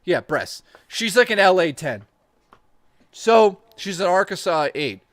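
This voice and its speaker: A man telling crude, animated stories in casual chat as a stream co-host. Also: high-pitched, unhurried, no room sound.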